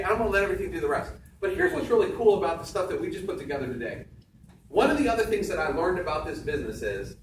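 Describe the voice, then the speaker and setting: A man giving a punchy, emphatic motivational sales talk on stage to an audience, repeating key phrases. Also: sits high. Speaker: seminar speaker. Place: large room with audience. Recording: echoey room, far from mic, faint background noise.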